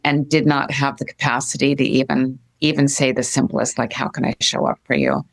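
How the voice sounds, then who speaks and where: A middle-aged woman speaking as an interview guest, earnest and gentle, often repeating her phrases. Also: rumbling low, steady tone, brisk, creaky. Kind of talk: heartfelt interview talk.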